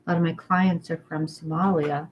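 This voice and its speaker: A woman co-hosting a casual conversation, chatting freely and then slowing into a calm, measured reading of a spiritual text. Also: low-pitched, muffled recording, a little hiss or hum. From Irish heritage, not accent. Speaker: co-host reading spiritual texts. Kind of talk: casual chat and reading aloud.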